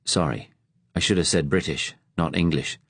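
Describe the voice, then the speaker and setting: A man voicing Bert, a blunt, indignant husband who speaks gruffly, in a storybook audiobook. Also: very deep voice, moderate pace, no echo, heavily acted.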